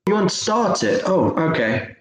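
A man's voice: high-pitched, very animated, moderate pace. A man co-hosting a podcast, teasing and laughing often in a casual chat. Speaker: podcast co-host. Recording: echoey room, faint noise.

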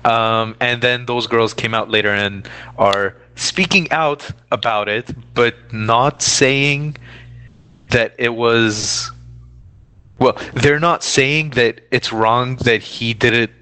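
A man's voice: mid-range voice, steady tone, takes it slowly, pushed and bright, clean tone. A man co-hosting a podcast, chatting loosely and hedging his points, with casual swearing. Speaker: podcast co-host. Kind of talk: casual chat.

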